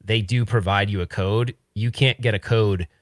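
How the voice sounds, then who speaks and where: A man's voice: fairly low pitch, fairly even intonation, normal speed, no room sound, studio quality. A man co-hosting a casual livestream about retro arcade gear, rambling with lots of restarts and laughs.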